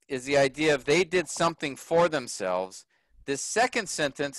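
A man's voice: fairly high pitch, lively intonation, normal speed, fairly bright tone, dry recording, low-quality recording. A man teaching a class, explaining grammar patiently and often checking whether his students follow.

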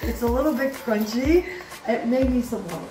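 A middle-aged woman with a warm, somewhat high voice gives a rambling, enthusiastic video tour of the houseplants in a room of her home, often unsure of their names. She speaks at a moderate pace, and the audio carries a little hiss or hum, roomy home echo and music behind.

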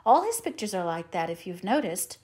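A woman's voice: medium pitch, big pitch swings, fairly quick, a little mellow, lightly acted. Anne Shirley, a woman reading as a dreamy orphan girl. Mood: earnest, dreamy. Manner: rapturous, breathless run-on chatter. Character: talkative, dreamy, eager young orphan girl. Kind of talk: audiobook character reading.

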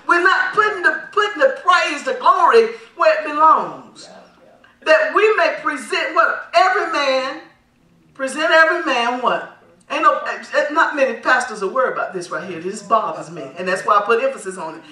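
High, bright woman preaching in an echoey hall. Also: expressive, normal speed. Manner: emphatic call-and-response preaching; laughs while preaching. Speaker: pastor. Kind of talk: sermon. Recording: echoey hall, mic at a distance.

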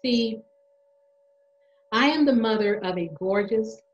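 A woman's voice: fairly high pitch, slow, reverberant, lo-fi sound. A woman playing a mother in a monologue, emotional and defiant as she speaks out. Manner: emotional, defiant, building to anger. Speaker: mother speaking on her platform. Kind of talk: theatrical monologue.

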